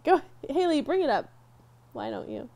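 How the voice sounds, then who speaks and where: A young woman co-hosting a podcast in easy, casual chat. Her voice sits fairly high, and she talks in an animated way, laughing readily and getting emotional as she tells a story. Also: moderate pace, vocal fry. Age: young adult. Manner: animated, laughs easily, gets teary and emotional. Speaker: podcast co-host.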